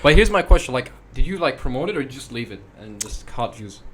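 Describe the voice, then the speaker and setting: A man's voice: medium pitch, big pitch swings, brisk, fairly bright tone, breathy edge. A young YouTuber guest chatting casually on a podcast, padding his talk with "like" and other fillers. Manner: chatty, filler-heavy, lots of "like". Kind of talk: casual chat.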